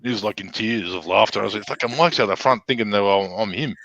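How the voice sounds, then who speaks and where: A man's voice: lowish voice, fast, a bit bright, no echo. A man with an Australian accent telling a casual, heavily sworn story on a podcast, acting out the back-and-forth of the people in it. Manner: profane, acts out quoted exchanges. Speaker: podcast guest. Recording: dull lo-fi dry sound.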